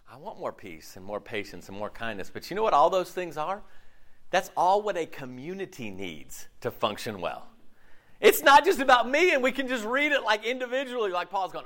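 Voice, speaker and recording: Lively, bright-voiced pastor preaching. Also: male voice, high-pitched, moderate pace. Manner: animated, acts out quoted voices, laughs at himself. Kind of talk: sermon.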